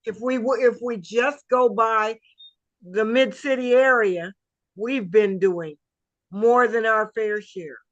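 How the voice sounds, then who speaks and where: Bright voice in dry lo-fi audio. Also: mid-range voice, takes it slowly, no echo. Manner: brief, laughing asides. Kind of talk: casual meeting discussion.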